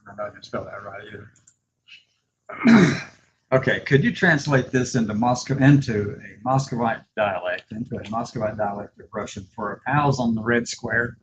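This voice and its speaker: A man hosting a casual video, laughing often and slowly dictating his words as he types. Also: lowish voice, dull audio, noisy background. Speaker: video host. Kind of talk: casual chat while typing.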